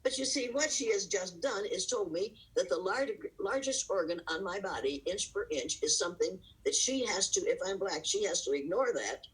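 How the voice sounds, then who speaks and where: Very husky-voiced woman lecturing emphatically. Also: fairly low pitch, animated, normal speed, few pauses, low-quality recording. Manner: emphatic, rhetorical questions, laughs between points. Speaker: interview guest, diversity educator. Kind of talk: impassioned lecturing interview answers. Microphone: video call.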